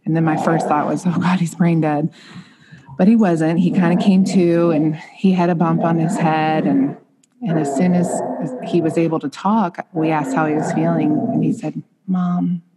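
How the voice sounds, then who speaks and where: A woman's voice: sits low, steady tone, normal speed, very noisy. A woman in her thirties, a mother and podcast guest, earnestly telling a heartfelt personal story in conversation.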